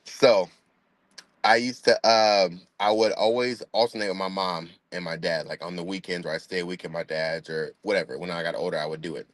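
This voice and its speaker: A man's voice: low voice, fairly even intonation, fairly quick, no echo. A young man telling a funny family story in a laid-back, rambling way, with chuckles. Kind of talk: casual storytelling.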